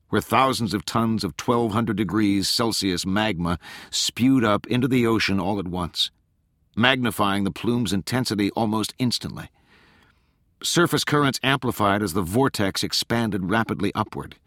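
A man narrating an audiobook in a measured, steady way. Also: lowish voice, no room sound, clean studio sound. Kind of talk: scripted narration.

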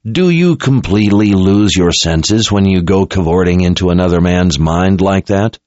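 A man's voice: deep voice, moderate pace, darkish tone, dry recording, close to an everyday voice. A man voicing a haughty, arrogant male sorcerer who drawls his words. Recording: dull lo-fi recording.

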